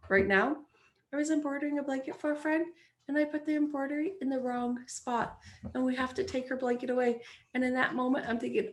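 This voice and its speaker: Woman in her 40s, life-coach podcast host, encouraging and earnest, somewhat high-pitched. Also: fairly quick. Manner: earnest, encouraging, acts out inner voices. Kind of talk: solo podcast talk.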